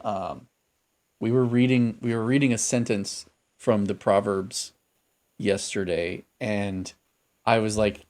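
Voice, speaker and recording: A man's voice: fairly low pitch, fairly even intonation, slow, a little mellow. A man co-hosting a podcast, talking in a thoughtful, rambling way with many fillers and restarts. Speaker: podcast co-host. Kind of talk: casual podcast chat.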